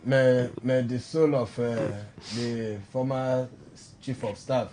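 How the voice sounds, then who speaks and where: A man's voice: medium pitch, level tone, takes it slowly. A man with a Nigerian Pidgin accent co-hosting a radio show, bantering and joking in Pidgin English. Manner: jokey, laughing, loud announcer bursts. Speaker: radio co-host.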